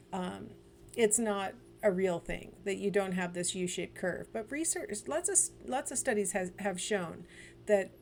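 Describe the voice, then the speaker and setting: A woman's voice: medium pitch, a little mellow. A middle-aged woman lecturing in a chatty, digressive way, with asides and fillers. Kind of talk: recorded lecture.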